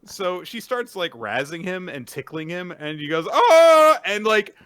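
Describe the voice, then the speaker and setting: A man casually recapping a manga chapter on a podcast, animated and playfully acting out the characters in quick silly voices. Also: a little high, dry recording. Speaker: podcast co-host.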